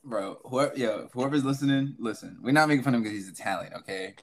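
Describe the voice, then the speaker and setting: A man's voice: mid-range voice, fast talker. A young man co-hosting a casual podcast, teasing his friend, laughing often and speaking straight to the listeners. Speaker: podcast co-host.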